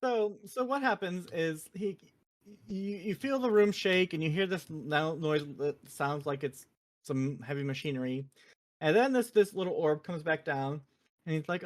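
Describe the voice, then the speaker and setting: A woman hosting a podcast, casually retelling a video game in a profane, animated way full of fillers. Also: deep voice, normal speed. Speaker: podcast host.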